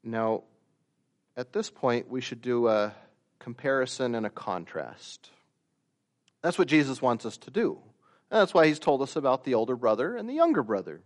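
A man preaching a sermon, slow and deliberate, rising to loud emphatic peaks and dropping to quiet asides. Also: medium pitch, big pitch swings. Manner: slow, deliberate delivery with long pauses.

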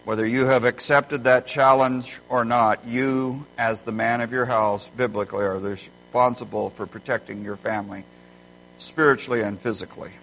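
A middle-aged man preaching a sermon as a pastor, emphatic and animated when telling stories. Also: mid-range voice, normal speed, slight background noise. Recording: dull lo-fi sound.

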